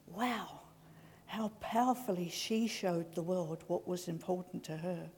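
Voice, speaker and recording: A woman giving a sermon in a gentle, slow storytelling way. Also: fairly low pitch, a little hiss or hum. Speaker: preacher. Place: large church. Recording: reverberant church hall.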